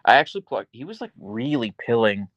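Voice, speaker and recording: A man's voice: medium pitch, very animated, fairly quick, a bit bright, no echo. Guy livestreaming from his small bedroom, reading chat, lots of ups and downs in his voice, baby talk for his dog.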